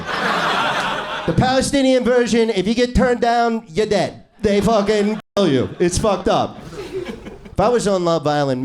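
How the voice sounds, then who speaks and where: A male stand-up comedian doing an improvised set in a small comedy club, brash and crude, needling the crowd. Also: high voice.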